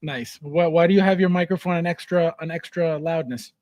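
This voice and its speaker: A man's voice: on the high side, brisk, a crowd in the background. A man hosting a casual livestream, reading viewer comments aloud, laughing often and repeating words for comic effect. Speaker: livestream host.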